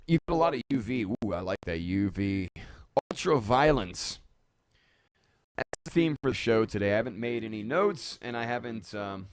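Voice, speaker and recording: A man's voice: lowish voice, lively intonation, normal speed. A man hosting a casual live-stream monologue, rambling and jokey and poking fun at himself. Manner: rambling, jokey, self-mocking. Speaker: host. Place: dark home studio.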